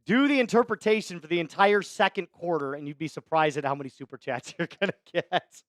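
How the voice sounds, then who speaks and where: Upbeat and chatty, this male livestream host calls sports play-by-play in a slightly high, fairly quick voice. He's hyped, shouting out chat donors and thanking them, with a dry, close-miked sound.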